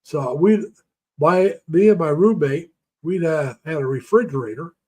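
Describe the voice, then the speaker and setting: A man's voice: a little high, measured pace, dark tone, slightly rough. An older man hosting a casual live stream, telling rambling, folksy stories about the past and greeting viewers by name. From United States.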